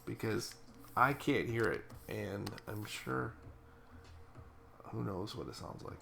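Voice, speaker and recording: Low gravelly-voiced man rambling while painting. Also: slow pace, pauses often, a bit bright, a little hiss or hum. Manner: rambling, casual, self-correcting. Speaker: digital artist. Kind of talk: thinking aloud while painting.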